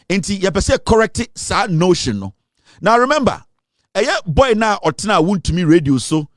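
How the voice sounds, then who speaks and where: A man's voice: high voice, no room sound. A Ghanaian man hosting a show, giving fiery political commentary in an emphatic, lecturing way from a studio. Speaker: radio and online show host. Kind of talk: fiery political commentary mixing Twi and English.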